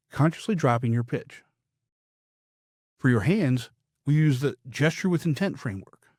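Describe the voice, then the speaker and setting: A man coaching public speaking in a scripted podcast, with a measured, emphatic delivery and firm downward endings. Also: mid-range voice, darkish tone, dry recording, clean studio sound.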